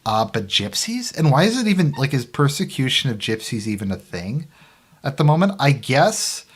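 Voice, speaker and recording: A man's voice: mid-range voice, big pitch swings, normal speed, slightly rough. A man giving casual, rambling commentary on a news article, heavy on fillers and sarcastic asides. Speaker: political commentary vlogger.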